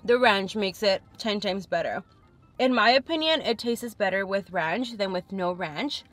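A woman's voice: medium pitch, a little slow, soft background music. A young woman chatting frankly and thinking aloud as she tastes food in a casual eating vlog. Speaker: food vlogger.

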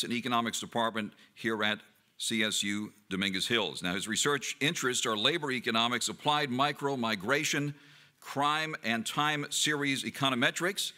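Bright-voiced male event host. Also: medium pitch. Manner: reads names and introductions at a measured pace. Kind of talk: formal announcing. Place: university event.

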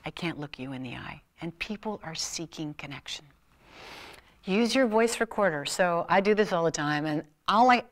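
Animated woman giving a lecture-hall talk. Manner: animated, playful, big swings in pitch and loudness. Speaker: motivational speaker. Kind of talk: live public speaking talk. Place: university lecture room before an audience. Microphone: room mic on a filmed talk.

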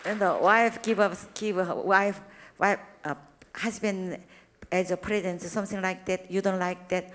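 Korean-accented woman preacher, middle-aged, broken English, lively storytelling sermon. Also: mid-range voice, a little slow, a faint crowd. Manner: broken English, animated retelling of dialogue. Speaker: church speaker. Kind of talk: sermon with anecdotes.

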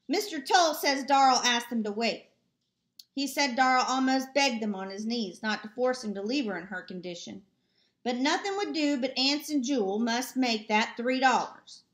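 A woman casually reading a novel aloud at home, steady with small slips and asides. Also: high-pitched, reverberant. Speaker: audiobook reader. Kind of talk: casual amateur audiobook reading. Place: home with family nearby.

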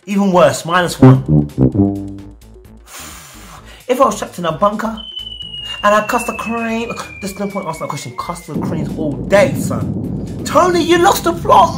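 This snack reviewer has a high, fairly bright voice. Speaking casually and full of slang, he puts on exaggerated, theatrical outrage for his vlog.

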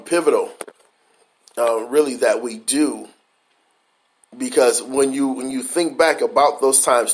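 Man preaching a slow, repetitive sermon. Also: medium pitch. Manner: conversational preaching with frequent repetition and rhetorical questions; slows down for emphasis, acts out quoted inner voices. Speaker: pastor. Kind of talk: devotional sermon.

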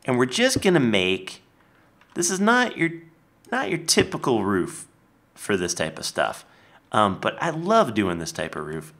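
A man casually commenting on his building as he plays a game, chatty and lively. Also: on the low side, a little slow. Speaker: Minecraft let's player.

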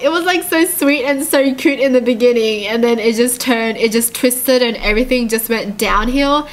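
High-voiced young woman reacting emotionally. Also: normal speed, hardly any pauses. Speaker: YouTuber. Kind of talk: reading a text story and reacting.

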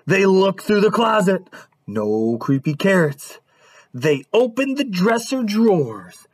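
Man reading a kids' storybook, unhurried, husky, lots of hmms and questions to listeners. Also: on the high side. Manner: animated, asks questions to listeners, lots of hums. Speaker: teacher reading aloud to children. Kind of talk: children's story time read-aloud.

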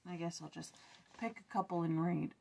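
A tired young woman with a fairly low voice reads scripture aloud at home. She drifts into chatty reflection, trips over words and corrects herself as she goes. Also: normal speed, creaky, darkish tone. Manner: chatty, tired, restarts and fillers while reading aloud. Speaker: scripture study vlogger. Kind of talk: casual scripture reading and reflection. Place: home room.

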